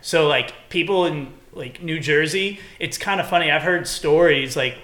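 Young man, from Texas, bright raised voice, rambling casual chat, echoey room. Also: a little high, normal speed. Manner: rambling, full of "like" and swearing. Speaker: podcast co-host.

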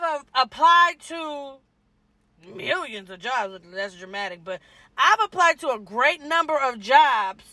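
A young woman chats casually on a podcast, calling her listeners y'all and laughing easily. Her voice is high and bright. The sound is dry and close to the mic. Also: no room sound. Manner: chatty, addresses listeners as y'all, laughs often. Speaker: podcast co-host. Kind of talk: casual chat.

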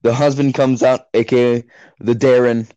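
A man's voice: medium pitch, level tone, normal speed, dark tone, no echo, muffled recording. A teenage young man hosting a podcast, rambling through a profane story in casual chat. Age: late teens. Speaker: podcast host.

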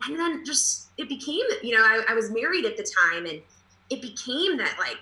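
A woman's voice: a little high, very animated, a little fast, sharp tone, reverberant, poor audio. A woman guest on a podcast, speaking in a thoughtful, earnest way and repeating phrases for emphasis. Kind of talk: reflective conversation.

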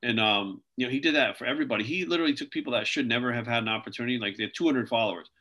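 A man's voice: medium pitch, rapid-fire, sharp tone. A man telling stories as an interview guest, rambling and filling his talk with "like" and "you know". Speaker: interview guest, video creator. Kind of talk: casual interview storytelling.

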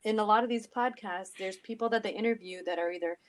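A woman's voice: mid-range voice, fast talker. A middle-aged woman co-hosting a casual podcast chat, telling stories animatedly with frequent asides. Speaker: podcast co-host.

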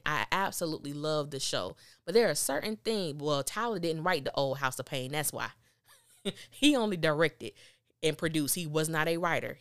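A woman reviewing a TV episode in casual podcast chat, animated and acting out the characters' lines. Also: low-pitched, no room sound, clean studio sound. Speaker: TV recap podcaster.

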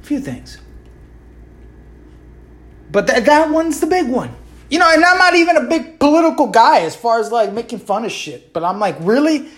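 Profane ranting podcast host woman. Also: sits high. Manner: rhetorical asides. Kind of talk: solo podcast rant.

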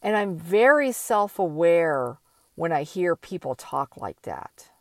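An older woman talking slowly and thoughtfully in a reflective personal monologue, with many pauses and fillers. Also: fairly low pitch, sing-song, a little mellow, no echo.

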